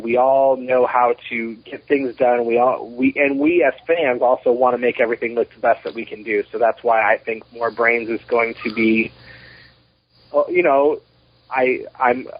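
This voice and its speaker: A man's voice: medium pitch, husky, dry recording. Chatty man telling rambling stories. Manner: animated storyteller, rambling with restarts. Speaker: documentary producer, podcast guest. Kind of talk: casual interview chat. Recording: muffled lo-fi podcast audio.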